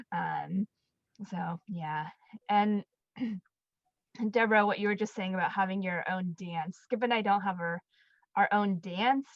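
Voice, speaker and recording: A woman sharing memories in a group video chat, soft-spoken and hesitant with many fillers. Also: mid-range voice, no echo. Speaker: participant. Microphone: video call. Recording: dry, dull video-call audio.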